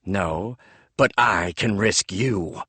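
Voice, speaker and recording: A man reading an audiobook voices a harsh, blindfolded enemy commander who speaks slowly and coldly. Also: sits low, bright, forceful tone, slightly rough, dry recording, full character voice. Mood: menacing. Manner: cold, slow and threatening.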